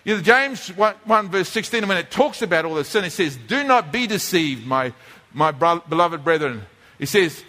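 A man preaching a teaching sermon, his high voice carrying a long hall reverb. He talks conversationally and often doubles back to repeat or restart words. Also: bright, forceful tone. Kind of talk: teaching sermon with a drawing board.

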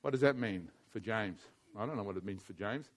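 A man preaching a sermon, swinging between quiet intimate passages and loud emphatic urging, often repeating his points. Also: lowish voice, a little fast. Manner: wide swings from hushed to loud, emphatic repetition.

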